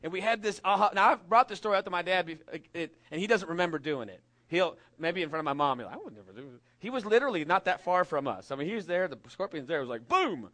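A middle-aged pastor from California preaches with the loose energy of a storyteller. He tells the tale with jokes and acts out voices along the way. His voice sits a little higher than most men's. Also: expressive, fast talker, few pauses, sharp tone. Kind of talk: sermon.

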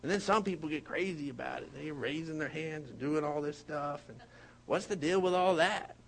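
A man preaching a sermon, animated and joking as he tells stories. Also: on the high side, normal speed, creaky, slight background noise. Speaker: pastor.

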